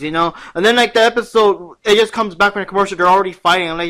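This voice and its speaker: A young man co-hosts a laid-back fan podcast, retelling episode scenes with lots of "like" and bits of acted dialogue. His voice sits a little high for a man. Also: very fast, hardly any pauses. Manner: animated, acts out quotes in voices. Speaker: podcast co-host. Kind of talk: casual fan chat about a cartoon.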